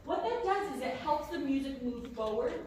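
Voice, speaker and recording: High-pitched woman running band practice, sings bits out, sounds far off in a big echoey room. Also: normal speed, a little hiss or hum. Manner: lively, sings out phrases to demonstrate. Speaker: band conductor. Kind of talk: rehearsal instruction. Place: large rehearsal room.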